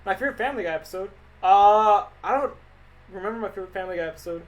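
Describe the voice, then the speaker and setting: Racing along in a high-pitched voice, a young animator answers viewer questions on a casual livestream. His replies are offhand, rambling and jokey, and the sound is lo-fi.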